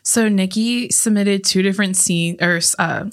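A woman hosting a casual chat in a relaxed way, calling her co-host "dude" and reading out listener submissions. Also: mid-range voice, unhurried.

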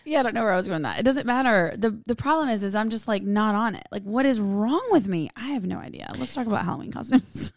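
Lively, animated woman co-host. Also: a little high, fast, hardly any pauses, no room sound, studio quality. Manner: lively, laughing, playful asides to listeners. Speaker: podcast co-host. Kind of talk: casual chat.

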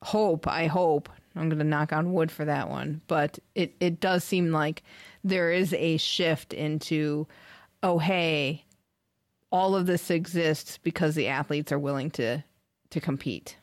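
A woman's voice: deep voice, fairly even intonation, a little slow, no room sound. Upbeat woman podcast host, dry sound. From United States. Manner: upbeat, newsy, enthusiastic. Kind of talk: casual chat.

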